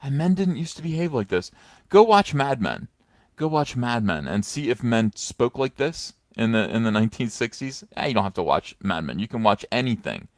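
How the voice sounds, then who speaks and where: Sing-song and mid-range, a middle-aged man speaks at normal speed in a casual vlog of comics commentary, mocking and sarcastic, wandering with many fillers. Shot on a phone on a stand, it sounds studio quality, with no room sound.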